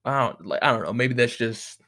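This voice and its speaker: A man's voice: mid-range voice, lively intonation, brisk, pushed and bright. A young man talking casually to the camera in a rambling, profane monologue, often laughing. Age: young adult. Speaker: vlogger.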